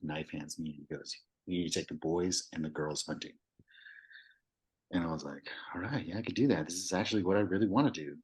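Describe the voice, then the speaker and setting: A man's voice: a bass voice, breathy edge, poor audio. A young man, a veteran guest on a podcast, telling a personal story in a loose, candid way, full of fillers and the odd swear word. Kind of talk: casual storytelling.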